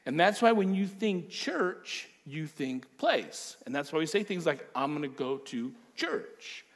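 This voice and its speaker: A man's voice: a little high, very animated, unhurried. A male pastor preaching a sermon, emphatic, with repeated phrases and acted-out quotes.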